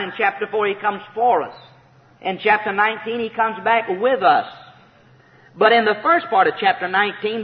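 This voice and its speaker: A man preaching a sermon, emphatic and repetitive, rising to shouted praise. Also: high voice. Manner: emphatic, repeats key phrases, rises to shouts of praise. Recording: tinny phone-like sound with long hall reverb.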